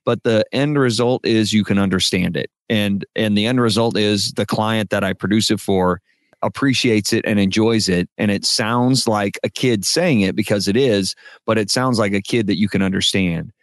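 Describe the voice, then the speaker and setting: A middle-aged man with a lowish voice lays out his advice patiently, one step at a time, like a radio producer coaching a colleague. His voice sounds close and dry, with no room around it. He keeps an even, instructive tone. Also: normal speed, no echo. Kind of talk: advice in a podcast critique.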